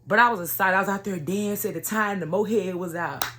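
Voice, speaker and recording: A woman's voice: mid-range voice, quick pace, pushed and bright. A woman telling an emotional personal story to her viewers in an earnest, conversational way. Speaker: vlogger sharing a personal testimony.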